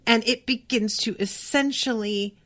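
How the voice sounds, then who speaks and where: A young adult woman hosting a podcast, reading a novel aloud and breaking off into casual, profane, excited reactions. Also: on the high side, a little slow. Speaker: podcast host.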